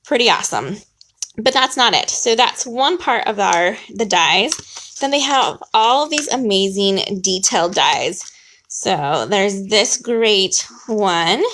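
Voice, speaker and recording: A chatty woman runs a casual live stamping craft tutorial, upbeat and frequently laughing or saying sorry as she prepares. She speaks slowly and animatedly in a mid-range, fairly bright voice, and there's a bit of background noise.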